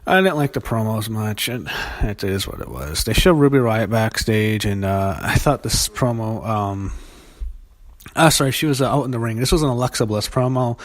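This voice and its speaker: A young man talks through a wrestling show in a loose solo review. His voice sits a little low, and he is blunt and profane, with frequent fillers and false starts. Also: animated, normal speed.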